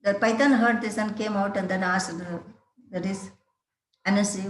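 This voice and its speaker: A woman English teacher explaining a story to students, halting, with many fillers and rhetorical questions. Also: mid-range voice, steady tone, slight background noise. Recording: roomy echo.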